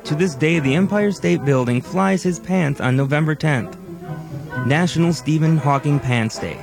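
Deadpan man narrating over music. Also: on the high side, normal speed, gravelly. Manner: deadpan, absurd mock-serious storytelling. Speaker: recorded comedy segment narrator.

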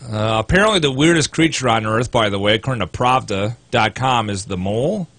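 A man's voice: medium pitch, animated, fairly quick, a bit bright, no echo. Sarcastic man reading articles aloud. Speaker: co-host.

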